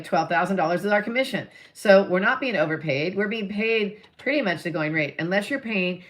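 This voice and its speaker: A low-pitched middle-aged woman talks straight to her viewers, chatty and salesy. She tells a real estate story, plays out both sides of her phone calls, and plugs her classes along the way. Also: fairly bright tone. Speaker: real estate agent and teacher. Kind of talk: live-stream talk to viewers.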